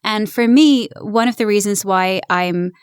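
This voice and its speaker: An English-born woman in her thirties who speaks with an American accent and talks in a chatty, upbeat way. Her voice sits at a middling pitch. The recording is dry and close, with no room sound. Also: unhurried, clean tone, no room sound. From England. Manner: upbeat, laughs easily, chatty. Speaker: guest voice actor. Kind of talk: casual interview chat.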